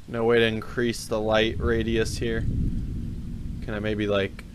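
A man's voice: fairly low pitch, monotone, slow, noisy background. A man hosting a casual let's-play of a horror game, jumpy and self-mocking, swearing often. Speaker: YouTube gameplay host. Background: horror game music.

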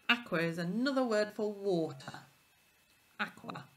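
A woman teaching phonics to young children, speaking at an unhurried pace and drawing out each sound with care. Her voice is bright and fairly low for a woman. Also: expressive. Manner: slow, clear, sounding out letters.

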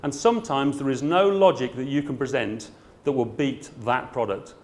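A man's voice: mid-range voice, moderate pace. Frank, jokey man giving a talk. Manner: frank, chatty and jokey, with dry asides. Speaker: garden centre owner speaking at a trade show. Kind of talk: trade show talk to an audience.

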